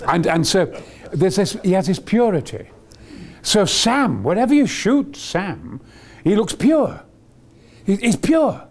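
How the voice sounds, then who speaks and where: An excitable older man tells rambling anecdotes about his work as an actor. His voice swings widely in pitch as he gets carried away, and he stumbles over fillers and restarts between bursts of enthusiasm. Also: takes it slowly. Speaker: actor being interviewed.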